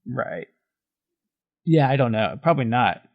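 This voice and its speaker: A man co-hosting a podcast in casual chat, agreeable and quick to answer. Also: medium pitch, expressive, gravelly, muffled recording. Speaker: podcast co-host.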